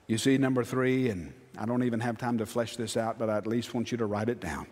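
A man preaching a sermon as pastor, earnest, dropping to hushed low lines and rising to emphatic ones. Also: fairly even intonation, fairly quick, few pauses. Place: church sanctuary. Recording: long church hall reverb.

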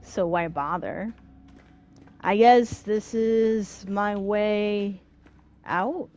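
A young woman hosting a horror game let's play, swearing constantly and shouting at enemies in panic. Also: medium pitch, very slow. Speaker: gaming channel host.

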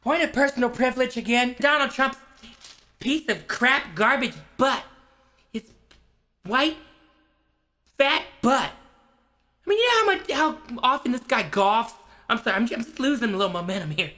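A man's voice: extremely high pitch, expressive, moderate pace, pauses often, pushed and bright, heavily acted. A man playing a hot-tempered male parody TV host who rants, stammers and gets flustered. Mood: ranting. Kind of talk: comedic parody monologue.

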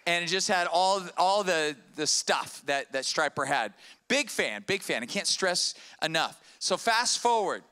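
Bright-voiced, excitable middle-aged male pastor. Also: a little high, unhurried, few pauses, clear, resonant tone. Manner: animated, repeats words and checks in with "all right?". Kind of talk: storytelling sermon. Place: church stage before a congregation.

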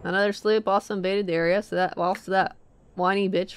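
A woman's voice: mid-range voice, little pitch movement, brisk, smooth. A woman streamer playing a story game, reading the narration aloud and musing casually to herself.

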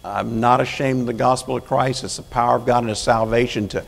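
A gravelly-voiced man preaches a sermon in a church, folksy and conversational, then rising into fervent, emphatic calls to the congregation. His voice carries a long hall reverb around it. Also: mid-range voice, steady tone, fairly quick. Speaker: prison chaplain preaching. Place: church sanctuary.

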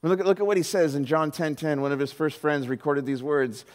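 Casting: male pastor with a slightly high voice, lively storytelling sermon, long hall reverb. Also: fast talker. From Southern California. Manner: animated storyteller, acts out quoted voices, many "like"s.

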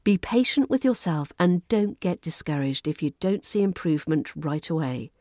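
Measured RP English woman teaching. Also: low voice, animated, warm tone, no echo, studio quality. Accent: Southern English RP. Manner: clear, measured, instructive. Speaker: accent coach and podcast host. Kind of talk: scripted podcast lesson.

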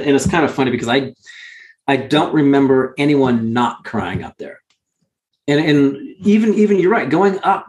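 Speaking as a guest, a mountain guide shares candid conversational stories with earnest emphasis, repeatedly starting his words over. He has a medium-pitched voice, and the audio is reverberant.

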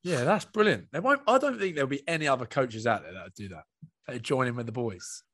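A man's voice: medium pitch, fast, no echo, clean studio sound. A man co-hosting a podcast, bantering and asking questions in a casual chat. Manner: lively, bantering, asks questions. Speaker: podcast co-host.

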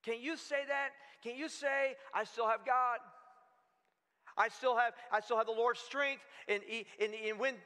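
A male pastor preaches in a conversational way, often putting questions to his congregation. His voice sits high and sounds bright. It rings with the long echo of a church hall. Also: fairly even intonation, unhurried, smooth. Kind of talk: sermon. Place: church sanctuary.

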